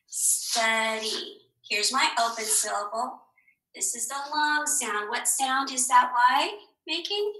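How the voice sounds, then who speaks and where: Bright, slow-talking woman teacher. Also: high-pitched, animated. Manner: slow, encouraging, asks questions and answers them herself. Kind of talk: recorded phonics lesson for young children. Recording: echoey room.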